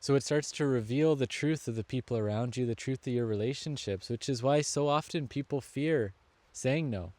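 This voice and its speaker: A man speaks in a mellow, warm voice of middling pitch, giving an earnest motivational talk. He is deliberate, slowing to lean on key words. The sound is dry and close. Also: dry recording. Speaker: self-help speaker. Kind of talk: reflective motivational talk to camera.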